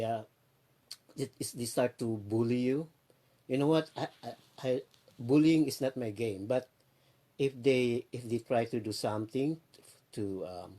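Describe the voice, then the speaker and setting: A Filipino man talks casually on his livestream, wandering from topic to topic. His voice sits at an ordinary pitch and sounds dark and mellow. He greets viewers by name as he goes. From Philippines. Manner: rambling, switches between Tagalog and English, greets viewers by name. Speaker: livestream host.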